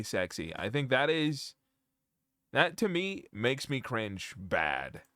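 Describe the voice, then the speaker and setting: Man streaming at home, animated, joking, mid-pitched voice, rambling chat. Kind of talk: casual live-stream chat.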